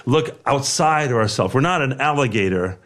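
A man speaks casually in an interview, relaxed and earnest, letting his sentences ramble. His pitch is ordinary and middle for a man. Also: moderate pace.

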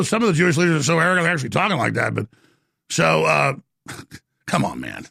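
Gravelly, animated talk radio host. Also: male voice, a little high, brisk, long pauses, no room sound, clean studio sound. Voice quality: gravelly, raspy. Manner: animated, forceful, emphatic. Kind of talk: call-in talk show.

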